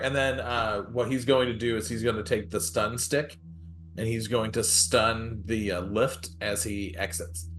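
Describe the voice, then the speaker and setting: A man's voice: lowish voice, fairly even intonation, measured pace, a bit bright. Rambling man playing a tabletop game. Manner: rambling, with lots of "like". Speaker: player. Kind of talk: casual tabletop play.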